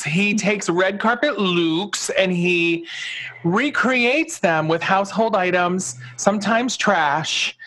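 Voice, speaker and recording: A man hosting a casual chat, playful and self-deprecating as he runs a quick game. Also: sits high, fairly bright tone. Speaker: host.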